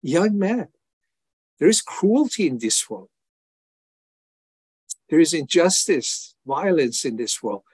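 A man's voice: a little high, big pitch swings, slow, long pauses, darkish tone, husky, dry recording. An older man from Iran, an evangelist giving an earnest personal testimony in an interview, acting out his prayers as dialogue. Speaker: evangelist guest.

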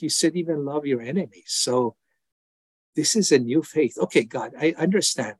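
A man's voice: a little high, moderate pace, husky, no room sound. An older man from Iran, an evangelist giving an earnest personal testimony in an interview, acting out his prayers as dialogue. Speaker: evangelist guest.

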